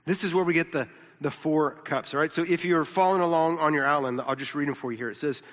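A man's voice: fairly high pitch, quick pace, a bit bright. A pastor teaching a sermon in a casual, conversational way, often repeating words and checking in with his listeners. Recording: long reverb of a large hall.

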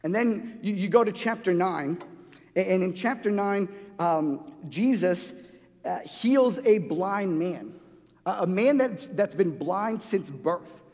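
Guy preaching, high-ish voice, chatty and restarts a lot, big hall echo. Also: animated, takes it slowly, darkish tone. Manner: conversational, many restarts and "like"s, acts out quoted voices. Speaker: pastor. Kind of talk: sermon. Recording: long hall reverb.

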